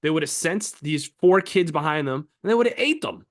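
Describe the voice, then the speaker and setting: His voice a little high and fairly quick, a young man co-hosting a podcast tells animated stories and argues with emphasis. The chat is casual and profane.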